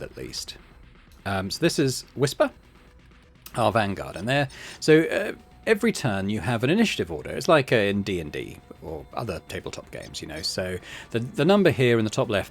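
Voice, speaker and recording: A man's voice: lowish voice, big pitch swings, a little fast, breathy edge. A man hosting a casual let's-play, chattily explaining game systems with many fillers. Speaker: gaming channel host.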